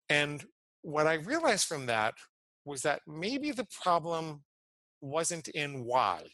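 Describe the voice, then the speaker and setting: A man in his fifties speaks as a podcast guest with a bright, forward voice. He tells his story earnestly and often slows down to weigh key words. The sound is close and dry, with no room echo. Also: a little high, very animated. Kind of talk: personal storytelling and explanation.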